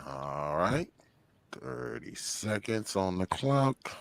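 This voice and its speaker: A man's voice: fairly low pitch, very animated, slow pace, creaky, dry recording. A man hosting a casual online panel game, joking, laughing and often repeating himself. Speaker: game show host.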